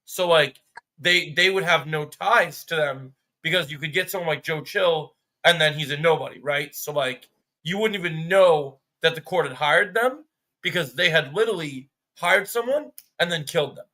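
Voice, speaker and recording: A man with a bright, lively timbre hosts a relaxed podcast conversation. He steers the topics and teases the others good-naturedly. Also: on the high side, moderate pace. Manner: teasing, leads the talk. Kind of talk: casual chat.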